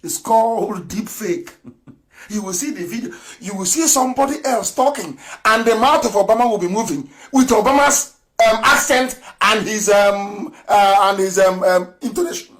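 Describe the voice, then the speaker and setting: A middle-aged man giving a fiery political radio broadcast, mocking his opponents and breaking into shouts and laughter. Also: sits high, moderate pace.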